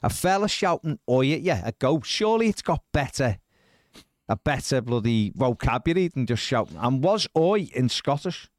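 A man's voice: mid-range voice, very animated, normal speed, no room sound, clean studio sound. Wry man reading stories aloud. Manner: wry, incredulous asides while reading. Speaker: podcast host. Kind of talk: casual podcast chat, reading out news stories.

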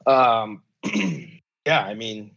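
Man, deep-ish voice, casual rambling chat, swears a lot, muffled lo-fi sound. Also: fairly even intonation, drawn-out words. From United States. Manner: rambling, profane, many fillers and restarts.

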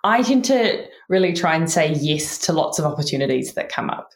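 New Zealand woman, low voice, roomy echo. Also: very animated, fairly quick. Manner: warm, earnest, often says "really". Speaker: neuroscientist guest. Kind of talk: interview answers.

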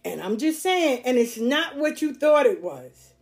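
A woman's voice: high-pitched, big pitch swings, unhurried. A woman hosting a podcast monologue, speaking bluntly and emphatically, repeating her points and laughing often. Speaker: podcast host. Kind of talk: casual monologue.

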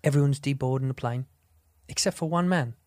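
Man, medium voice, relaxed wry podcast host, dry close recording. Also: mid-range voice, a little fast, no room sound. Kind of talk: casual joke-telling chat.

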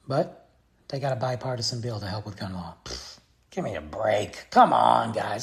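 A man's voice: medium pitch, big pitch swings, moderate pace, vocal fry. A man giving a blunt, exasperated opinion rant straight to his viewers. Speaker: vlogger. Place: Texas.

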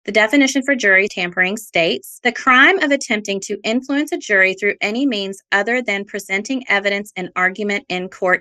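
A woman hosting a podcast about her own court case, reading trial testimony and social media posts aloud in a measured, even way. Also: medium pitch.

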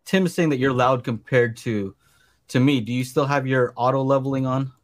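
A man's voice: mid-range voice, steady tone, normal speed, a little hiss or hum. Easygoing, rambling male podcast co-host. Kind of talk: casual chat on a live stream.

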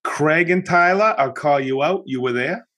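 A man hosting a podcast, talking casually and telling animated stories with lots of restarts. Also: on the high side, normal speed. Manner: animated storytelling, chatty with many restarts. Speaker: podcast host. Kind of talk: casual chat.

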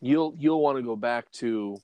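A man's voice: mid-range voice, measured pace, warm tone, clear, resonant tone, dry recording. A man co-hosting a casual podcast chat, rambling with many "you know"s. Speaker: podcast co-host.

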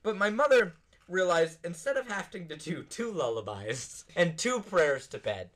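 A young man hosting a podcast, telling a story in a casual, animated way and laughing often. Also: high voice, moderate pace. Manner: animated, laughing often, acts out quoted voices. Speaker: podcast host. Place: podcast studio.

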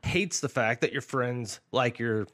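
A man's voice: mid-range voice, measured pace, a bit bright. A man hosting a podcast in casual chat, asking questions and teasing his co-host. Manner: joking, asks questions, teasing.

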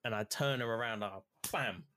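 A man's voice: medium pitch, brisk, pushed and bright, no room sound. A man telling a story from a video game in casual podcast chat, swearing freely as he gets into it. His voice sits mid-range, and the sound is dry and close. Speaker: podcast co-host.

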